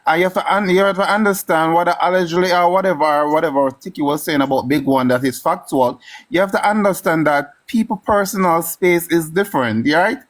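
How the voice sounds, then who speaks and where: Insistent Jamaican man, slightly high. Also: a little fast. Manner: insistent, argumentative. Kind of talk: heated live-stream argument.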